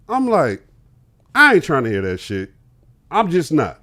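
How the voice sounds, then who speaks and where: Young man, podcast guest, lively high-pitched storyteller who acts out every voice. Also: a little slow, pauses often. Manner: acts out both sides of an argument, laughing as he tells it. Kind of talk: animated storytelling.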